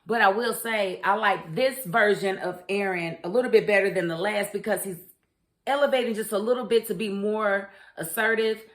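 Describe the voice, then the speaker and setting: Brief: young adult woman, casual opinionated TV recap, mid pitch. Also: normal speed. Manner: opinionated, talks straight to the characters. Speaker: TV show reviewer. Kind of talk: casual chat.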